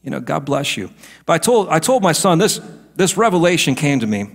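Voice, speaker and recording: A middle-aged male pastor preaching a sermon, moving between hushed asides and emphatic declarations. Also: a little high, big pitch swings, fairly quick, gravelly.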